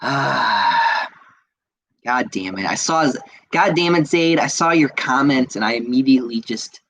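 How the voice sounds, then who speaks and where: A heated male podcast host venting at length, his speech peppered with curses. He stumbles and repeats words as his frustration builds, speaking at an ordinary pitch. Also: animated, measured pace, fairly bright tone, rough recording. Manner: heated, profane, stammering repeats. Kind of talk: casual ranting podcast, reading viewer comments.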